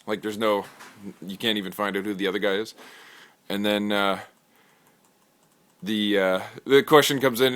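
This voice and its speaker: A man casually pitching a skit idea, rambling and stumbling over his words with crude language. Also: fairly even intonation, fast, sharp tone.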